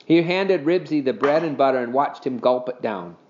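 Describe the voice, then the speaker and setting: A man's voice: medium pitch, lively intonation, moderate pace, a little mellow, a little hiss or hum. A man reading a children's storybook aloud expressively, in a dull lo-fi recording.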